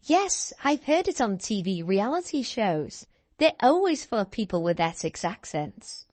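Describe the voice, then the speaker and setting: A woman's voice: medium pitch, very animated, a little slow, darkish tone. A woman chatting playfully and enthusiastically as a quiz contestant on a podcast. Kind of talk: casual chat.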